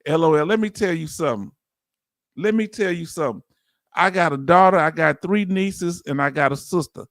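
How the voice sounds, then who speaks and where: A man hosting a livestream, talking casually and warmly straight to his viewers, often repeating himself for emphasis. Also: fairly high pitch, moderate pace, vocal fry, dry recording. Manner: animated, talks straight to viewers, repeats "let me tell you something". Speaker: livestream host.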